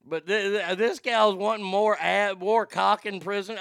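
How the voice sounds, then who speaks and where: Gravelly man ranting crudely. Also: sits high, fairly even intonation, a little slow, few pauses, a bit bright, no room sound. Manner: blunt, vulgar, mocking. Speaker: radio show host. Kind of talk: crude comedic commentary.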